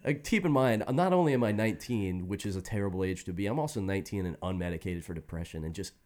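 A man's voice: deep voice, fast talker. A man telling a long story in casual chat, swearing freely and laughing often. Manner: profane, animated, laughs often.

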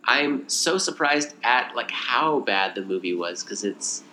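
A man casually recapping a movie in a rambling, animated way. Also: mid-range voice, unhurried, slight background noise. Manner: rambling, animated retelling with acted quotes. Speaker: podcast co-host.

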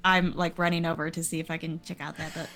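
Woman playing d&d, chatty giggly, bright edge to her voice. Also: sits low, flat delivery, quick pace, faint music behind. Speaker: player. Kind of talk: playing a tabletop game.

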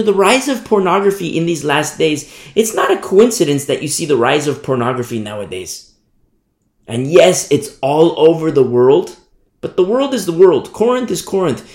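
A male pastor teaching an expository sermon, driving his points home by repeating them. His voice sits slightly high for a man. The sound carries a roomy echo. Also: a little mellow. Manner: emphatic, repeats key phrases.

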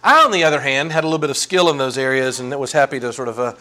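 A man preaching a sermon, animated and folksy, acting out sarcastic quotes. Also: medium pitch, racing. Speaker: pastor.

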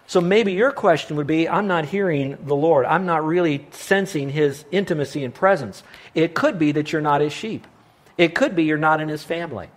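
Emphatic male pastor preaching. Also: a little high. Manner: emphatic preaching, slows down to stress scripture. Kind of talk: sermon.

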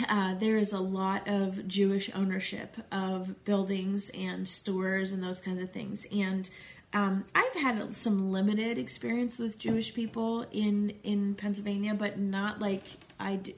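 A woman's voice: medium pitch, vocal fry. A middle-aged woman reading scripture aloud and stopping for chatty, conversational commentary as a Bible study teacher.

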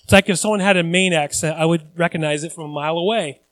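A man's voice: a little high, quick pace, a bit bright, poor audio. A male pastor preaching a sermon in a conversational way, repeating phrases for emphasis and acting out the voices of people he quotes.

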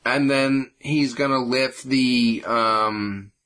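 Male podcast guest, plain mid voice, hesitant and halting delivery. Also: mid-range voice, fairly even intonation, bright, forceful tone. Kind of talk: casual chat.

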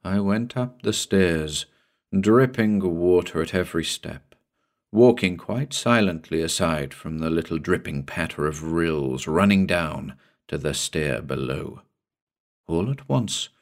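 A man reading a horror story aloud as narrator, in a slow, brooding and deliberate manner. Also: low-pitched.

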